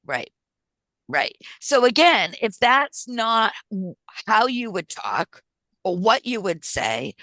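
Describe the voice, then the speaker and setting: Bright-voiced woman presenting a workshop. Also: medium pitch, dry recording. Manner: conversational, keeps checking in with "right?". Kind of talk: job-search workshop presentation.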